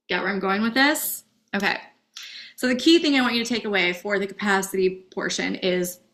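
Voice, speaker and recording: A woman's voice: medium pitch, sharp tone. A young woman coaching in a casual, candid masterclass, swearing freely and checking in with "okay?" often. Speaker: dating and self-help coach.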